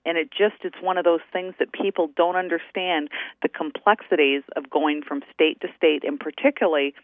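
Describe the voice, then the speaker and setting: A woman's voice: sits low, fairly even intonation, moderate pace, dry recording. A woman attorney calling in as a radio guest, telling stories chattily and acting out the quoted dialogue. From New Hampshire. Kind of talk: radio call-in interview. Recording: tinny phone line.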